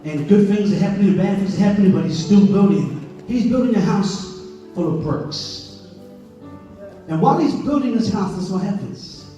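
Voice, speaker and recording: A man with a high voice preaches to a congregation, moving from storytelling into impassioned exhortation. He sounds distant from the microphone in a heavily echoing church hall. Music plays behind him. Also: normal speed, mellow, lo-fi sound. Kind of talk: sermon. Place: church sanctuary.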